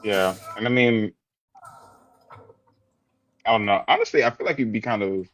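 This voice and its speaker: A man's voice: on the low side, moderate pace, a bit bright, low-quality recording. A man talking bluntly and argumentatively in a casual podcast chat. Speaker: podcast co-host.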